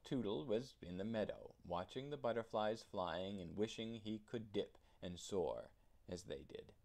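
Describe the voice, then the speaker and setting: A man narrating a children's storybook in an expressive storytelling manner. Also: lowish voice, vocal fry. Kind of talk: children's storybook read-aloud.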